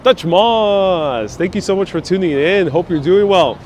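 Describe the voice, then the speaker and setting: A man's voice: high voice, lively intonation, a little slow, darkish tone. A man guiding a live-streamed city bus tour, chatting casually and reading out viewer comments. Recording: faint street and traffic noise.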